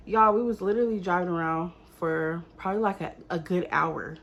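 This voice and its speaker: A young woman telling a story to her viewers in a casual, animated, exasperated way. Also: fairly low pitch, a little fast, vocal fry.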